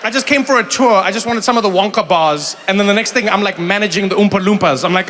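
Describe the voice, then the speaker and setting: A South African man in his thirties works the crowd from a theater stage. His voice is high and bright, and it keeps breaking into loud impressions. A long hall reverb and faint audience noise sit behind him. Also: fast talker, hardly any pauses. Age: 30s. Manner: animated, jumps into high shouted impressions. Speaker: stand-up comedian. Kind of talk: stand-up crowd work.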